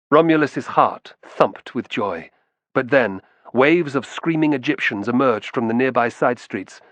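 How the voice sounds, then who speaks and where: Guy narrating an audiobook, lively expressive delivery, dead dry sound. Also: medium pitch, no echo. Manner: expressive storytelling. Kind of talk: scripted narration.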